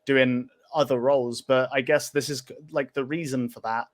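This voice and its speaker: A man's voice: mid-range voice, steady tone, normal speed. A man in a casual online debate, hesitant and filler-heavy, on a video call.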